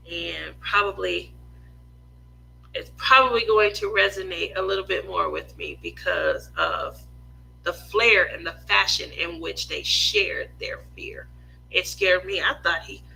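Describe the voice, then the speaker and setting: A woman in her forties talks slowly and openly to her craft viewers, drifting from thought to thought. Her voice is very bright and sharp, with a gravelly fry underneath. A faint hum sits behind her at home. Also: medium pitch, rough recording. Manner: rambling, open, full of "you know" and "um". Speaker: craft vlogger. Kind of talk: casual chat to viewers.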